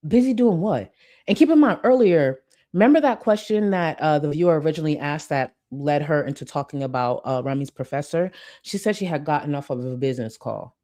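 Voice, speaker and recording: Low-pitched woman roasting clips, sassy and mocking, talks back at the screen. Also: fairly quick, mellow. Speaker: commentary channel host. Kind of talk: reaction commentary rant.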